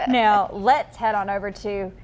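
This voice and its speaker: A woman's voice: mid-range voice, steady tone, unhurried, a little hiss or hum. A woman hosting a live local TV show, chatting casually and laughing often. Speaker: TV show host.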